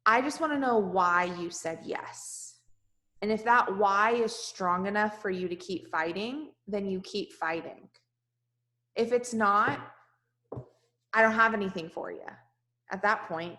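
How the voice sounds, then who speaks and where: A woman's voice: mid-range voice, pushed and bright. A woman leading her team in a direct, emphatic motivational talk on a video call, repeating lines for emphasis. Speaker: team leader.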